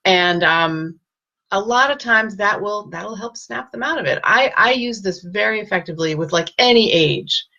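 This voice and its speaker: Woman with a bright, lo-fi voice. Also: medium pitch, expressive, normal speed. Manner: gentle, reassuring, addresses live viewers by name. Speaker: parenting advice host. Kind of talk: casual live-stream advice talk.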